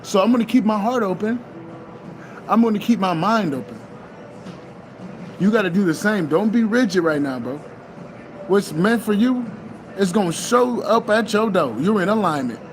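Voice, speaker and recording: A man with a notably high voice talks in a loose, streetwise spiritual pep talk. He curses freely and keeps looping back to the same encouragements. Faint vehicle noise hums in the background. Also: expressive, normal speed, long pauses. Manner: loose, profane, repeats himself. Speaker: spiritual vlogger.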